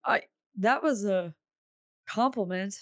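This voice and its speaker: A woman's voice: mid-range voice, slow pace, no room sound, clean studio sound. A woman co-hosting a casual gaming podcast, teasing her partner and giving blunt opinions. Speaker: podcast co-host.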